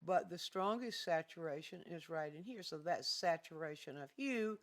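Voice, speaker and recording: A painting instructor giving a livestreamed art lesson, explaining calmly and deliberately, pointing out areas of a painting and repeating key phrases. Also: mid-range voice.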